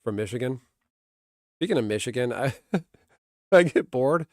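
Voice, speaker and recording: A man's voice: medium pitch, expressive, a little slow, a little mellow, no room sound, studio quality. A man streaming and chatting casually with viewers in a rambling way, often laughing. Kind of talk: casual livestream chat.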